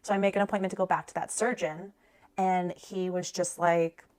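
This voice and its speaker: A woman in her thirties telling a personal story in a rapid, conversational way, full of "like" fillers. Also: on the low side, little pitch movement, darkish tone.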